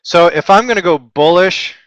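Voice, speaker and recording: A man from Texas runs a live trading lesson, talking through his ideas in a loose, chatty way. His voice sits a bit high for a man and is full of jokes at his own expense. The sound is dry and close. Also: moderate pace, a bit bright, dry recording, muffled recording. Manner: chatty, joking and self-deprecating, rambling asides. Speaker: trading webinar host.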